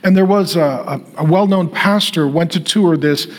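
Pastor, male, high-pitched, preaching in building repetitive lines, goes quiet on solemn phrases. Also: moderate pace. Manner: repetitive rhetorical preaching, builds to emphatic declarations. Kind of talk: sermon.

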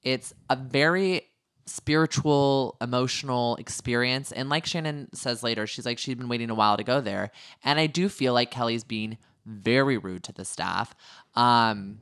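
A man's voice: medium pitch, fairly bright tone, clean tone, dry recording. Podcast co-host, man, chatty and joking, dry booth sound. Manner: joking, chatty, quick asides. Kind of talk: casual reality TV recap chat.

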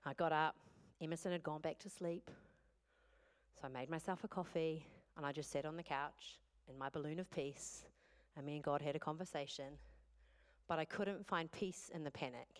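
A woman's voice: sits low, steady tone, normal speed. A woman pastor, preaching a sermon in a candid, conversational storytelling way.

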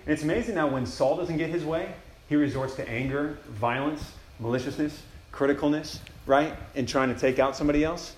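A man preaches at a retreat in quick, loose bursts, slipping into slangy asides as he tells the story. His voice rings in an echoey room, and a faint hum of ambience sits underneath. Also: a little high. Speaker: campus ministry speaker. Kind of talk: casual retreat sermon.

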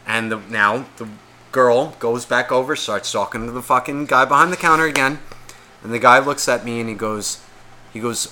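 A man's voice: medium pitch, moderate pace, sharp tone, a little hiss or hum. A man co-hosting a podcast, telling a rambling, exasperated story full of swearing and acting out the people in it. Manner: acts out the voices of people in his stories. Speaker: podcast co-host. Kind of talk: casual storytelling rant.

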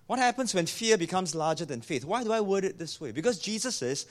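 Man, pastor, sermon, animated pitch, emphatic. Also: a little fast. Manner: animated, emphatic, repeats key lines.

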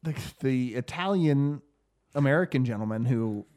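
A man in his thirties telling a story as podcast host, in an animated, casual way with quick asides and swearing. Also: mid-range voice.

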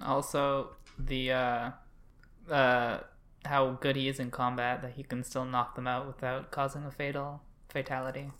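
Bright, laughing podcast co-host. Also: mid-range voice, level tone, a little slow. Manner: laughs often, playful, acts out characters' lines. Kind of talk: casual chat.

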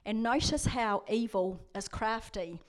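A woman's voice: on the high side, a little slow. A woman, preaching a sermon as a prison chaplain in a conversational, storytelling way. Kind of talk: sermon with scripture reading.

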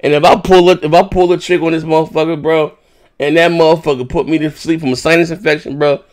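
A man's voice: a little high, fairly even intonation, fast. A man streaming live, telling rambling, profane stories to his subscribers in casual banter. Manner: profane, rambling storytelling with many fillers.

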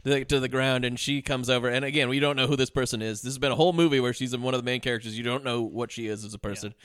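A man's voice: medium pitch, steady tone, rapid-fire, a bit bright, smooth, dry recording, studio quality. A man co-hosting a casual film podcast, talking animatedly and acting out scenes in silly voices. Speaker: podcast co-host.

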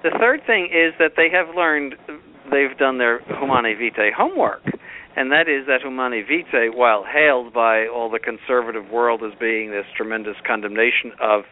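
A man's voice: medium pitch, normal speed. A man giving stern doctrinal commentary, driving his points home with firm repetition. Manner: emphatic, repeats points firmly. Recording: phone-like narrow band.

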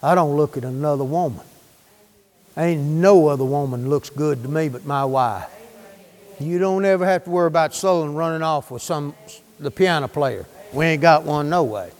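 High-voiced preacher in a reverberant hall. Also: male voice, a little mellow. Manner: folksy, fervent, rapid-fire questions to the congregation. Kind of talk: sermon.

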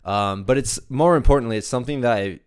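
A man's voice: mid-range voice, fast talker, clear, resonant tone, no echo. Man hosting his own podcast, dry close sound, easygoing and chatty, restarts often. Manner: chatty, self-deprecating, lots of fillers and restarts. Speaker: podcast host. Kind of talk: casual podcast intro.

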